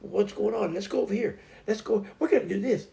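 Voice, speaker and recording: A man voicing a bubbly, eager female dog in a high, chirpy voice. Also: brisk, gravelly. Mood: cheerful. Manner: high chirpy excited chatter.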